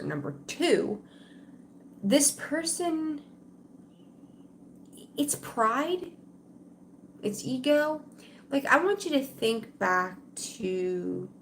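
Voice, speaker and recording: A woman with a lower, fuller voice gives a live tarot reading on a stream. She rambles in a loose, conversational way, speaks straight to the people watching, and sounds a little worn out. A faint hiss of noise sits under her voice. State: tired, yawning. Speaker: tarot reader.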